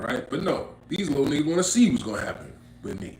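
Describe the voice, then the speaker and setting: A man with a gravelly mid-pitched voice tells a street story to camera, slangy and acting out what people said. He builds to loud, emphatic bursts. The room is echoey with faint noise behind him. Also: lively intonation, fast talker, hardly any pauses. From Inglewood, California. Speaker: vlogger telling a story. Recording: roomy echo, faint background noise.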